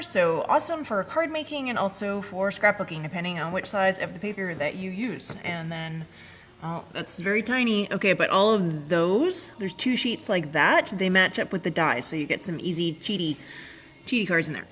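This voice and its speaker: A chatty woman hosts a live craft-supply demo, her voice sitting a little low. She talks loosely with plenty of "um"s and stops to greet viewers by name. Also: a bit bright. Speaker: craft shop host. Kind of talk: live-streamed product demo.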